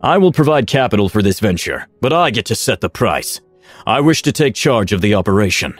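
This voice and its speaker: A man's voice: fairly low pitch, sing-song, a little fast, no echo, faint music behind. A man doing a stern, shrewd rich father. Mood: commanding. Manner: cold, commanding, clipped. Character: stern wealthy older father, shrewd businessman.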